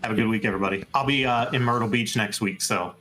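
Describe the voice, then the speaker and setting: A man's voice: fairly low pitch, fast talker, music in the background. A man co-hosting a podcast, chatting casually with brief, wry remarks. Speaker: podcast co-host. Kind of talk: casual chat.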